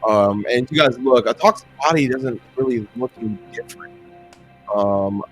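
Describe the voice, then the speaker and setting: Serving as dungeon master, a man narrates a tabletop game in a mid-range voice at a moderate pace, with faint music behind him. He rambles and hesitates, using lots of fillers.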